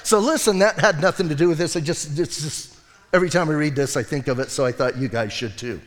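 Male pastor, sermon delivery, animated storyteller; slightly high voice, long reverb from a church hall. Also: fast talker. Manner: animated storytelling with acted quotes and laughs. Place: church sanctuary.

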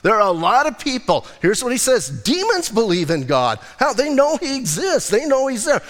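A man's voice: very high-pitched, huge pitch swings, normal speed, fairly bright tone. A male pastor preaching a sermon in a conversational way, teasing his congregation. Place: church sanctuary. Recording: long hall reverb.

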